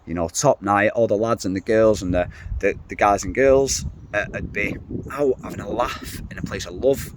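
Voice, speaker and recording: A man's voice: fairly low pitch, moderate pace, noisy background. A middle-aged man ranting to camera in a casual vlog, blunt, swearing freely and rambling. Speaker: vlogger.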